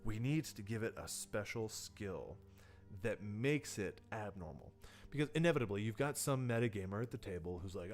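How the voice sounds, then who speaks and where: Lively man teaching horror game writing. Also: lowish voice, normal speed, faint music behind. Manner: animated, often acting out players' reactions; loose and conversational, with many fillers and restarts. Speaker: tabletop game design teacher. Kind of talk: livestreamed workshop talk.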